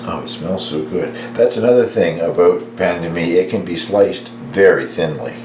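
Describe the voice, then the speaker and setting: A man chatting casually about the bread he baked at home, relaxed and rambling with fillers. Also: low-pitched, normal speed. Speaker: home baking vlogger. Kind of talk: casual home cooking talk. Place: home kitchen and dining room. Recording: echoey room with background noise.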